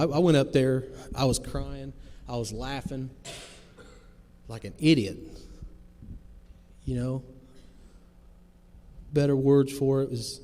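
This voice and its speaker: Man in his thirties, plain-spoken testimony, mellow dark voice, long hall echo. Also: medium pitch. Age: 30s. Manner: plain-spoken, earnest storytelling with folksy phrasing. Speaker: testimony speaker. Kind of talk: personal testimony to a recovery group. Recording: long hall reverb, faint noise.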